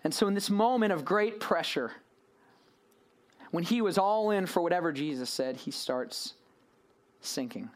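A man preaching a sermon to a room, telling a story with lively swings in voice and acting out the people in it. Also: sits high, a little slow, pauses often.

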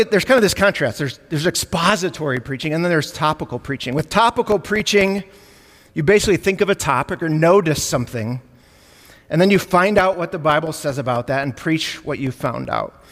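Chicago-accented preacher in an echoing hall. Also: male voice, on the high side. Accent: Midwestern American, Chicago area. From United States. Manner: conversational, jokes with the congregation. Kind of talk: sermon. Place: church sanctuary.

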